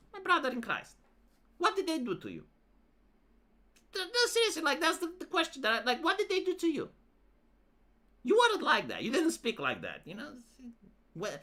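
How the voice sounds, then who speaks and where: Talking to her chat, this live streamer rants and swears through casual reaction commentary on videos. She has a sharp, medium-pitched voice.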